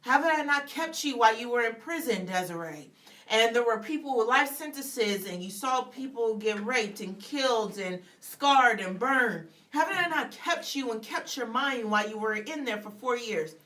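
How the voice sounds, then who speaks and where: A woman's voice: fairly high pitch, animated, moderate pace, a bit bright. A woman voicing God, patient and reassuring, in the story she tells during her testimony. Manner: questioning, reassuring. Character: God speaking gently, a patient father.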